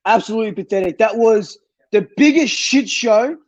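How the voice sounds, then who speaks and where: A man ranting furiously about a football match, swearing, repeating himself and shouting. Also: sits high, moderate pace, dry recording. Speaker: football fan vlogger. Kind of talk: angry fan rant.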